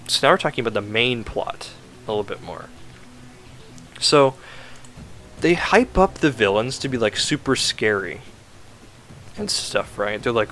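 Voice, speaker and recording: A man of ordinary pitch rambles through a casual game review, sarcastic and quick to swear, with "like" filling most of his sentences. Faint music plays quietly behind his voice. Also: lively intonation. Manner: rambling, sarcastic, swears often, many fillers.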